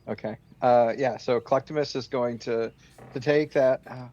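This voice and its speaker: A man's voice: mid-range voice, fairly even intonation, moderate pace, warm tone. A man playing in a tabletop game, speaking hesitantly with many stammers. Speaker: player. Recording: dull lo-fi mic.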